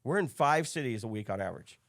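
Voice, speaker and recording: A fast-talking man with a mid-range voice appears as a guest in a casual podcast interview. In his thirties and from the Chicago area, he works as a business coach. His storytelling is animated, and he acts out the dialogue he quotes.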